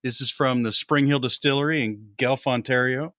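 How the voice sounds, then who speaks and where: A man's voice: mid-range voice, fairly quick, sharp tone, dry recording, studio quality. A man co-hosting a podcast in casual chat, joking and teasing. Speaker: podcast co-host.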